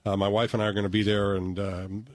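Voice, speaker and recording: A man's voice: lowish voice, level tone, dry recording. Chatty male talk radio host. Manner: chatty, quick asides and plugs.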